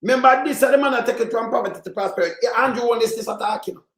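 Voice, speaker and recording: A man's voice: extremely high pitch, very fast, fairly bright tone, roomy sound, rough recording. A man with a Jamaican accent giving heated political commentary, mixing in patois. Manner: heated, ranting, mixes patois.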